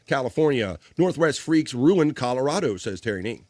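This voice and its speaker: A man hosting a relaxed livestream talk show, reading viewer comments aloud and riffing on them. He laughs often and swears casually. His voice sits mid-range, recorded close and dry with no room sound. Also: medium pitch, moderate pace, dry recording. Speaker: livestream host.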